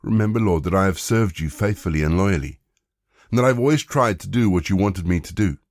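A man reads a humbled, ailing old king in a low, deep voice, with plain and unhurried delivery. The recording is dry and close. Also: dry recording.

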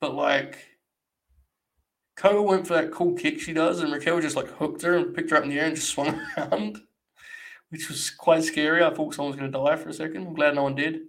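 A young man talks casually through a live stream, blunt and sarcastic, with plenty of swearing. His voice sits a little high for a man. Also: steady tone, a little fast. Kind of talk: casual live commentary on wrestling.

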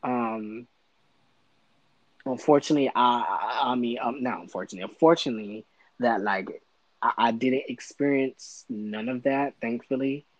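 A man's voice: mid-range voice, moderate pace, no room sound, low-quality recording. A young man, a podcast guest, talking in a casual interview and stumbling over his words as he goes. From United States.

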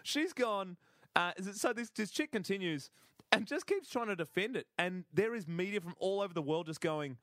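A man with a fairly high voice runs through silly headlines in relaxed comedy-podcast chat, chuckling as he goes. His delivery is loose and full of little fillers. The sound is dry and close, with no room echo. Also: normal speed. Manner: chuckling, storytelling with many fillers. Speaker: podcast co-host. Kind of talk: casual comedic news chat.

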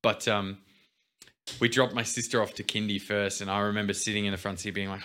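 Bright-voiced man, laid-back storyteller. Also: lowish voice, little pitch movement, quick pace, slight background noise. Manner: storytelling, laid-back, drifts quiet when serious. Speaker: podcast co-host. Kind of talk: casual podcast chat.

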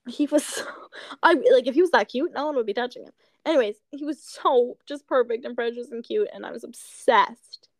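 Recorded dry in studio quality, a young woman on the high side speaks briskly while co-hosting a podcast. She chats casually late at night, tired but giggling a lot as she excitedly tells stories.

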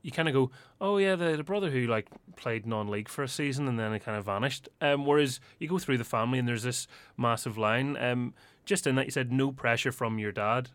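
A man's voice: medium pitch, brisk, hardly any pauses, a bit bright, smooth, dry recording. A man hosting a sports podcast, chatting and laughing along with his guests. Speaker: podcast host.

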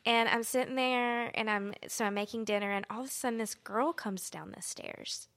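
A young woman tells a story in a relaxed podcast chat, her voice pitched a little high. She rambles, fills her sentences with "like", and slips into the voices of the people she quotes. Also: normal speed. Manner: rambling, heavy use of "like", acts out quotes. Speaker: podcast co-host telling a story.

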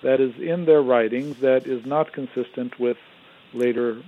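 A man speaking as a guest theologian on a call-in radio show, measured and explanatory, pausing on little fillers. His voice sits at an ordinary middle pitch. It comes through narrow and phone-like. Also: steady tone.

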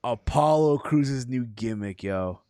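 A man's voice: mid-range voice, lively intonation, slow pace, dark tone. A man co-hosting a wrestling podcast, talking loosely and rambling, with lots of swearing and "bro". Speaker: podcast co-host. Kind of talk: casual wrestling chat.

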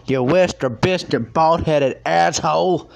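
Furious gravelly man ranting. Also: on the high side, unhurried. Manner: furious, insulting, threatening rant. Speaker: podcast host. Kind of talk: angry ranting podcast.

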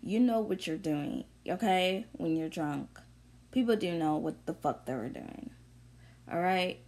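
A woman's voice: fairly low pitch, animated, a little slow, darkish tone. A young woman vlogger ranting bluntly through an unscripted monologue, full of profanity and confrontation. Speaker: vlogger sharing opinions.

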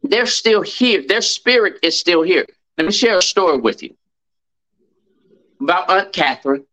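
A middle-aged podcast guest with a drawl shares a personal story in a slightly high, bright, forceful voice. He is expressive and unhurried, stressing key phrases and repeating them for weight. The audio quality is poor.

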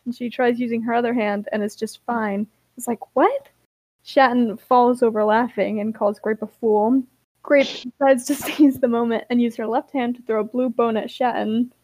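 A woman's voice: on the high side, fairly even intonation, normal speed, dark tone, dry recording. A woman co-hosting a podcast, reading a roleplay aloud in a tired, amused way, laughing often. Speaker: podcast co-host.

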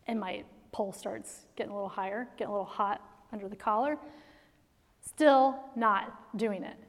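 A middle-aged woman with a high voice tells stories to a room of mothers in a lively, faith-based talk. She laughs often and keeps things animated. Her voice rings with the long reverb of a large hall. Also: normal speed. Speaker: speaker to moms.

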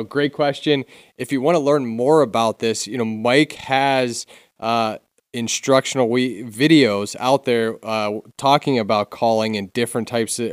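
A man hosting a casual question session, relaxed and filler-heavy as he wraps up topics. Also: mid-range voice, clean tone, dry recording, studio quality. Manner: relaxed, plugs resources with many fillers. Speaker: podcast host. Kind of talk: casual chat, moderating questions.

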